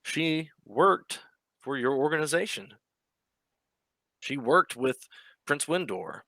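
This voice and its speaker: A man voicing a scheming police commissioner who smoothly tries to curry favor. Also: on the high side, lively intonation, slow pace, bright, forceful tone, no room sound, voice pushed up, heavily acted. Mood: ingratiating. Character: scheming middle-aged male police commissioner.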